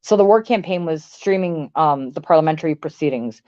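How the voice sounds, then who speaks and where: A fairly low-voiced woman from Canada vents straight to her livestream chat, blunt and swearing freely as she rambles from one thought to the next. The mic is close and dry, with a slightly muffled, lo-fi sound. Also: a little fast, warm tone, no echo. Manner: blunt, profane, rambling with many "like"s. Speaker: livestream host. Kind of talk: casual livestream rant to chat.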